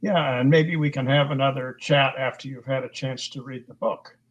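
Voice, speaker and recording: An older man as a guest in a casual chat, answering calmly and agreeably in short replies. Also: medium pitch, normal speed, lo-fi sound. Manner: calm, agreeable, brief replies.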